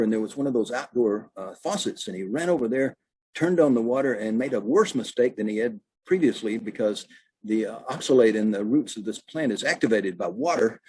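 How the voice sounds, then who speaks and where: A man, a state naturalist, giving a storytelling talk at an unhurried pace with many fillers. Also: medium pitch, darkish tone, breathy edge, poor audio.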